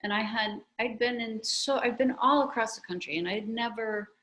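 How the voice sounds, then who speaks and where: A woman's voice: fairly high pitch, normal speed, a bit bright, low-quality recording. A woman author chatting about her memoir in a video-call interview, telling stories animatedly with lots of restarts and asides.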